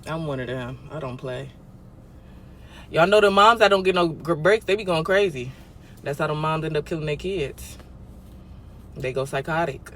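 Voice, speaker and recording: Young woman, livestream host, casual chat, blunt, profane, bright forceful voice. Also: low-pitched, moderate pace, long pauses, slight background noise. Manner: blunt and profane, with swings between loud and quiet.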